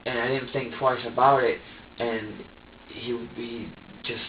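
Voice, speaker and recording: A man under police questioning who recounts events haltingly, repeating himself and swearing. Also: medium pitch, level tone, slight background noise. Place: police interrogation room. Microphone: distant room camera mic. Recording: dull, echoey room audio from far off.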